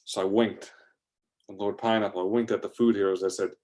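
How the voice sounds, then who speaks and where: A man's voice: fairly low pitch, steady tone, a little fast, warm tone. A man narrating an improvised adventure story, rambling along with fillers and restarts.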